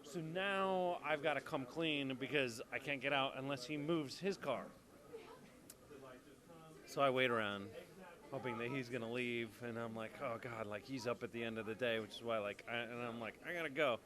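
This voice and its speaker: A man, a soap opera actor, telling a casual anecdote and acting out the loud quotes. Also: medium pitch, normal speed, a crowd in the background. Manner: animated storytelling, acts out quotes loudly.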